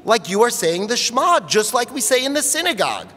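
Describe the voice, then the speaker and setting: A man voicing a gentle, puzzled rabbi questioning his daughter tenderly, heard with the long reverb of a large sanctuary. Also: very high-pitched, big pitch swings, a little fast, husky, pitched above the performer's own voice, exaggerated voice. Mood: pleading.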